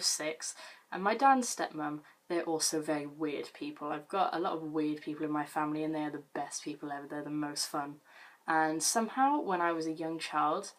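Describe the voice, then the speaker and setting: A girl, casually telling funny stories about herself to camera, chatty and self-mocking, swearing freely. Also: fairly low pitch. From Britain. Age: late teens. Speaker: vlogger.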